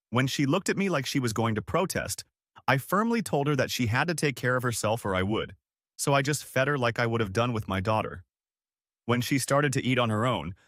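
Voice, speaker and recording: A man narrating a first-person story in a steady, measured reading voice. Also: mid-range voice, no room sound, studio quality. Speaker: audiobook narrator.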